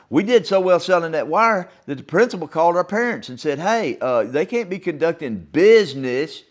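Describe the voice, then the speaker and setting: An older man from Oklahoma, hosting a solo podcast as a folksy, rambling storyteller. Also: medium pitch. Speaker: podcast host. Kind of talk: solo reflective talk.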